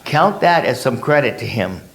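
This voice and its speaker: A man's voice: medium pitch, sing-song, moderate pace, creaky, fairly bright tone. A man leading a casual Bible study, who asks his class rhetorical questions and acts out the people in the story in his own words.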